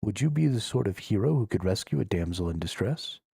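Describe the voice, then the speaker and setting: A cocky adventurer who shrugs off danger with wry confidence, as a man reads him in his own low voice. The tone is dark and mellow, and the sound is dry and close. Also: expressive, fairly quick, vocal fry, husky, no echo, exaggerated voice. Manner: wry, self-assured. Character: cocky adult male adventurer hero.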